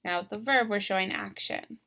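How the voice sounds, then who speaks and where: A woman teaching a spelling lesson on video, speaking slowly and deliberately and stressing syllables. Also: mid-range voice, sharp tone.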